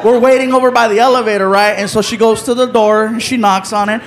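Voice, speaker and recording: A man telling a story in stand-up, loud and animated, acting out the people in it with shouts. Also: sits high, fast talker. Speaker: stand-up comedian. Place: live comedy stage before a laughing crowd. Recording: live show with crowd noise.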